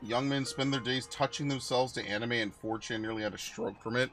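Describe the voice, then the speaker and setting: A man talking through a video game stream in a loose, rambling way, with a bright, forceful voice. He drifts between the game and side topics and swears often. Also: mid-range voice, fairly even intonation, a little fast, soft background music. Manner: rambling, profane, chatty asides. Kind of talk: casual gameplay commentary.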